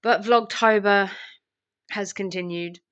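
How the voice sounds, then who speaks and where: A woman's voice: mid-range voice, fairly even intonation, slow, fairly bright tone, clear, resonant tone. A young woman vlogger with the flu, her voice worn by illness, talking in a tired, drained, rambling way with many ums. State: sick with flu, voice affected. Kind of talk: casual catch-up vlog.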